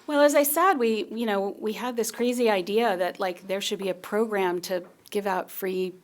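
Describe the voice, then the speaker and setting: A middle-aged woman from Long Island, a genealogist being interviewed in a TV studio, telling stories in a chatty, animated way with plenty of fillers. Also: mid-range voice, moderate pace. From Long Island, New York. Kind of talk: casual conversational interview. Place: TV news studio.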